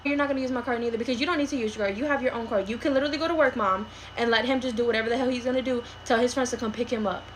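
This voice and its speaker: A woman's voice: fairly high pitch, rapid-fire, hardly any pauses, a little hiss or hum, close to an everyday voice. A woman playing an argumentative young adult daughter who pushes back against her mother in a comedy skit. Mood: frustrated. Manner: argumentative, sarcastic. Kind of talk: skit role-play.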